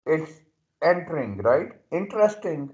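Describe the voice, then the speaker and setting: A man gives an English lesson at a deliberate, unhurried pace, circling back over each point. He keeps checking that students follow with a quick "okay". The audio is dull and lo-fi. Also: fairly high pitch, sing-song, darkish tone. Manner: repetitive, checks understanding with "okay". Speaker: English teacher. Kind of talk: slow classroom explanation.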